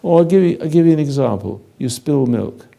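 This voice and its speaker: An older man giving a slow, halting spiritual lecture, speaking directly to a listener in a commanding way. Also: on the high side, animated, creaky, dark tone. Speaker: spiritual teacher.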